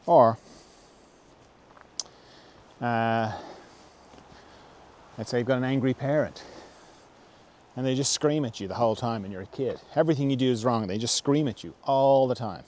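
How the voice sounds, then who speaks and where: A man speaking softly and reflectively at a middle pitch, as if thinking aloud. He pauses, restarts and searches for words. A faint hiss sits under his voice. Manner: softly acts out quoted voices, dropping to a whisper. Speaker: host answering a viewer's question. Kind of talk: reflective spoken talk on self-help.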